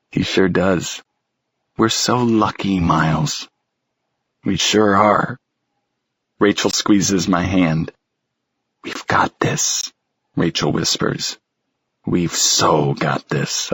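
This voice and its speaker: A man narrating a romance audiobook in the first person, quiet and tender. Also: low voice, creaky, husky, no room sound.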